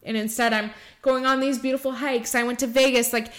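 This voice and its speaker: A bubbly young woman from Michigan chats as a podcast host, laughing often and filling her talk with "like". Her voice sits a little high for a woman. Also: fairly even intonation, a little fast. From Michigan, USA. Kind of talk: casual chat.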